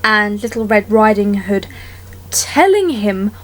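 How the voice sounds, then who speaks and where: A woman's voice: medium pitch, expressive, slow. A young woman retelling fairy tales with exasperated, sweary sarcasm. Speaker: vlogger. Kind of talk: sarcastic storytelling commentary.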